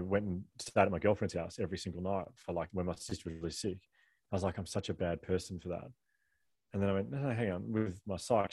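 A man's voice: low-pitched, a little mellow, dry recording. A middle-aged man telling personal stories as an author guest, rambling, self-deprecating and laughing often. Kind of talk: candid conversational storytelling.

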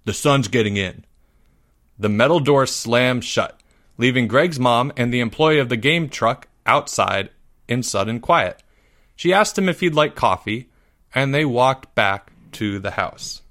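A man's voice: mid-range voice, animated, measured pace, fairly bright tone. Man reading a story aloud. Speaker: narrator. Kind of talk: scripted story narration.

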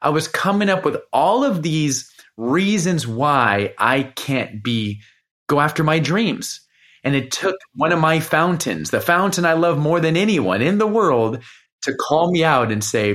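A man's voice: mid-range voice, lively intonation, moderate pace, a bit bright. Earnest man coach telling his story. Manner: earnest, heartfelt. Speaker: performance coach, podcast guest. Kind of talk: personal storytelling in an interview.

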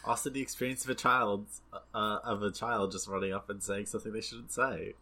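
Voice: mid-range voice, steady tone, fairly quick, sharp tone, breathy edge. Podcast co-host, casual chat, blunt, emphatic.

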